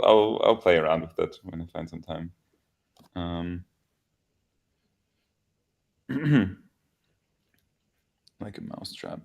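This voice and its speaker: A man co-hosting a livestream in casual chat, relaxed, laughing often and swearing casually. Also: sits low, vocal fry. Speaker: developer co-host.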